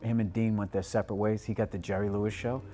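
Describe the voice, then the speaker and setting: A man's voice: lowish voice, fast, a little hiss or hum. A man who is a stand-up comedian, telling stories in casual chat, swearing a lot and acting out the people he quotes. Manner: animated storyteller, heavy swearing, acts out quotes.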